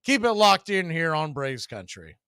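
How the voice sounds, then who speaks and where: A man calling live baseball play-by-play as the show's host, building excitement on big plays. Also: fairly high pitch, moderate pace, clear, resonant tone, dry recording, studio quality. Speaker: play-by-play announcer.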